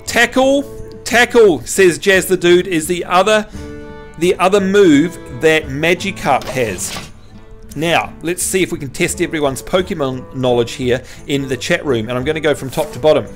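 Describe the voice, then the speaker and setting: A man's voice: a little high, normal speed, soft background music. A man with a New Zealand accent hosting a game live stream, reading chat messages aloud in a chatty, joking way. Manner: chatty, reads chat aloud, jokey outbursts.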